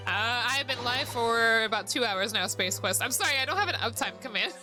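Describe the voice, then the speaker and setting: A woman's voice: fairly high pitch, expressive, fairly quick, hardly any pauses, over music. A woman streamer chatting casually while playing a game, giggling and swearing freely. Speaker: VTuber streamer.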